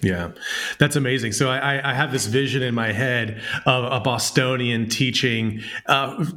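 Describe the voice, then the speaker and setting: A man's voice: mid-range voice, normal speed, bright, forceful tone. A man with a Southern US accent hosting a casual interview, rambling with many fillers and frequent laughs. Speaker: podcast host.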